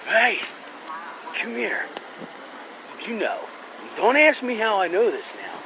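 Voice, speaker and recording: A scrap-metal worker and vlogger in his forties with a Philadelphia accent rambles and jokes to his phone camera from his truck in a self-mocking, casual monologue. His voice is high and creaky, with wildly swooping pitch and a slow pace. The background is noisy.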